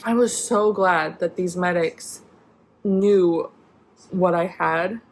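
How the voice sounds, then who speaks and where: A woman's voice: lowish voice, slow pace, a little hiss or hum. Rambling young woman telling a story. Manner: rambling, many "like" fillers and restarts. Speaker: vlogger. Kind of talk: casual storytime.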